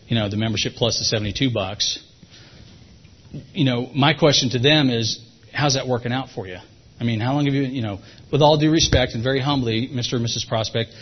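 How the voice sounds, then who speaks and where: Brief: male sales trainer, husky and quick, folksy and repetitive, dull lo-fi recording. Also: mid-range voice. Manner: fast, folksy, repeats himself for emphasis.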